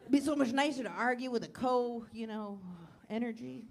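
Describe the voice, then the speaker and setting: A woman comedian doing a stand-up routine on a comedy club stage. She talks conversationally and swings from low, muttered asides to loud bursts. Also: a little fast, creaky.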